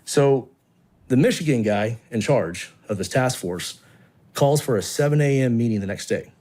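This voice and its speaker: Animated man telling a rescue story. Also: medium pitch, normal speed. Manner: animated, acts out quotes. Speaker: volunteer rescuer. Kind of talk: storytelling in an interview.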